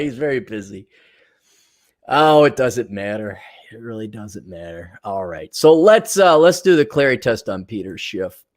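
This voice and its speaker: A man giving crude, sarcastic, rambling commentary as a vlog host. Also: medium pitch. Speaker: vlogger and consultant.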